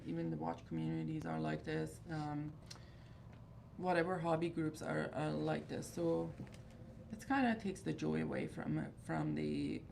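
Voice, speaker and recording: Gravelly-voiced woman in casual livestream chat. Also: sits low, darkish tone, slight background noise. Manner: rambling, candid, exasperated. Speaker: livestream host of a fragrance group.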